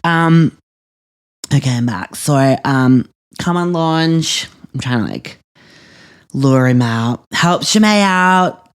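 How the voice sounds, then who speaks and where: A man's voice: medium pitch, animated, slow pace, clear, resonant tone. A man voicing a spoiled, dramatic young Australian woman who gushes, gasps and swears through a comedy podcast monologue. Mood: whiny. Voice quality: gushing, breathless, swears constantly, lots of gasps. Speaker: podcast host character.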